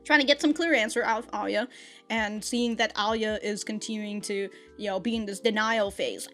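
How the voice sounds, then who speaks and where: A woman's voice: mid-range voice, steady tone, moderate pace, fairly bright tone, faint music behind. A woman hosting an anime reaction, chatting casually, laughing often and swearing offhandedly between fillers.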